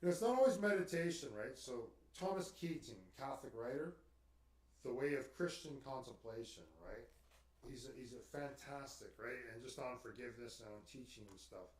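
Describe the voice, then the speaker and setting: A man's voice: mid-range voice, lively intonation, fairly quick. A man chatting casually as a guest about spiritual ideas. He rambles and keeps tagging his sentences with "right?". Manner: rambling, tags lines with "right?". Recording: roomy, distant mic.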